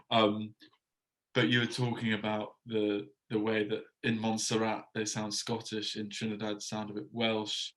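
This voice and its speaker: Flat-voiced male interviewer. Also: lowish voice, poor audio. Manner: thoughtful, with many fillers. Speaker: interviewer host. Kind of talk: conversational interview.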